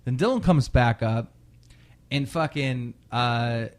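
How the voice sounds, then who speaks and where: A young man hosting a podcast tells a story in a casual, profane, animated way, acting out what people said. He has a mid-range voice and speaks at a slow pace.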